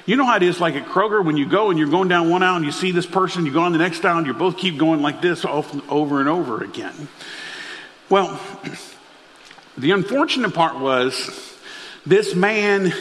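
Guy preaching a sermon, voice a bit high, long echo like a big church. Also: moderate pace, fairly bright tone. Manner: storytelling preacher asking the congregation questions. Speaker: pastor.

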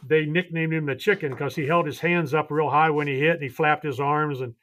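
A man's voice: on the high side, fairly even intonation, a little fast, fairly bright tone. An older man, a veteran baseball coach, telling earnest and heartfelt personal stories as a podcast guest. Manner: earnest, heartfelt storytelling with frequent restarts. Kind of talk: podcast storytelling.

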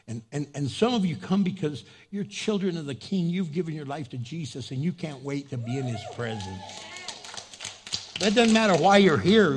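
A man preaching a sermon as pastor, fervent, prompting the congregation to answer back, swinging between loud exhortation and low, intimate asides. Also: breathy edge.

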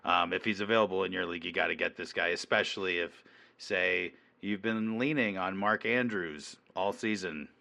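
A man's voice: low-pitched, normal speed, vocal fry, sharp tone. A man co-hosting a fantasy football show, talking casually and hesitantly with many fillers. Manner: hesitant, many ums and uhs. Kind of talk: casual sports chat.

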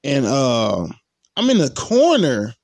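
A young man in his twenties telling a story in a casual, animated way, full of profanity and slang. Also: mid-range voice, slow pace, no room sound, studio quality.

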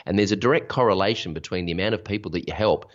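Guy on a podcast, really low voice, open and chatty, kinda muffled lo-fi audio. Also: very fast. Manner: frank, storytelling, motivational. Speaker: podcast guest. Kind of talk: candid interview conversation. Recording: dull lo-fi sound.

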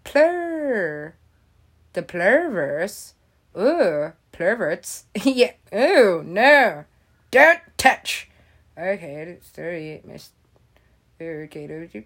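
A woman drifting through a loose comedic ramble, giggling and swearing as she goes. She talks at an unhurried, drawn-out pace, her voice pitched in the middle range. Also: big pitch swings.

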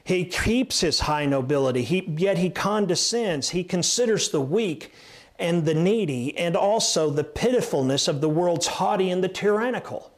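A man's voice: high voice, animated, normal speed. A man with a Texan accent preaching a sermon, emphatic, repeating phrases and restarting lines as he teaches from scripture. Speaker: pastor.

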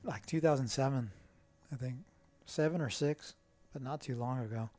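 A middle-aged man, a guest, telling stories in a casual, animated way and acting out the voices of people in them. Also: medium pitch, normal speed. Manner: animated, acts out quoted dialogue. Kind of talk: casual storytelling.

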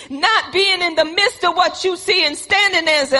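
Woman preacher, high and bright, emphatic repetitive delivery, long hall reverb. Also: moderate pace, hardly any pauses. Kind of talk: sermon.

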